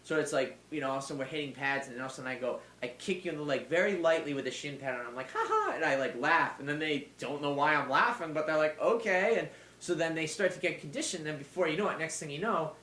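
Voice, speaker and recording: A man's voice: fairly high pitch, fast, few pauses, pushed and bright. A man, a Muay Thai fighter and trainer, chatting casually as a podcast guest, rambling along with lots of fillers and some swearing. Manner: rambling, filler-heavy and profane. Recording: roomy echo.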